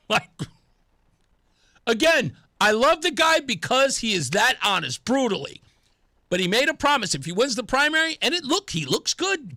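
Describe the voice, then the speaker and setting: Man, radio talk host, bright tense voice, dry close studio sound, lively delivery. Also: very high voice, brisk, dry recording. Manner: animated, acts out quoted dialogue; laughs at himself. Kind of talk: opinionated talk radio monologue.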